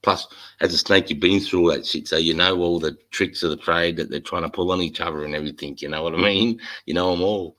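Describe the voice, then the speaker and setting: A man's voice: deep voice, fairly even intonation, fairly quick, a bit bright, poor audio. A middle-aged man with an Australian accent, chatting bluntly and swearing freely about army life as the host. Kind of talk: casual chat.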